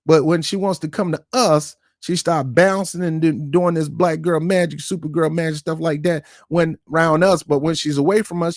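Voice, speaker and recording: A man's voice: fairly high pitch, dry recording, clean studio sound. A man hosting his own online show, giving ranting political commentary in an emphatic, confrontational way and repeating words for stress. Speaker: YouTube commentary host.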